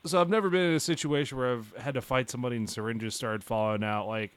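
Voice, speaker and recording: A man hosts a podcast in loose, easygoing chat, dotting his talk with fillers. His voice sits at a middling pitch. The recording is dry and close. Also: quick pace, clean tone, no echo. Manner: laid-back, loose, lots of fillers. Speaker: podcast host.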